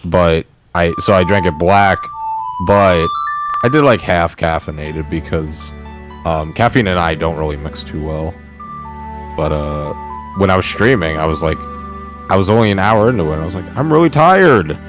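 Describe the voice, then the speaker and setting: Young man, deep voice, casual stream chat, joking, laughs a lot, light music behind. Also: normal speed. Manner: laughs often, joking and self-deprecating. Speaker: streamer co-host.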